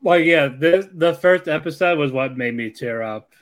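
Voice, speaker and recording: A man's voice: fairly high pitch, normal speed. A man co-hosting an anime podcast, chiming in with short agreements and brief opinions in casual chat. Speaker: podcast co-host.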